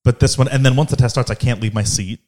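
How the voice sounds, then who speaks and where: A man in his twenties chatting casually, frank and relaxed, swearing freely. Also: medium pitch, fast talker, slight background noise. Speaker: co-host, law school applicant. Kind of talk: casual family chat.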